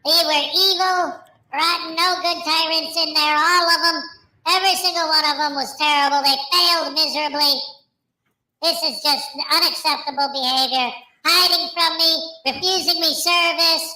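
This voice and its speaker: A squeaky ranting frauditor guy. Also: steady tone, moderate pace, bright, forceful tone, echoey room, exaggerated voice, poor audio. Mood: sulking. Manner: ranting, indignant, stammering. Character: bumbling self-important male frauditor, squeaky and whiny. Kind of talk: comedic parody skit.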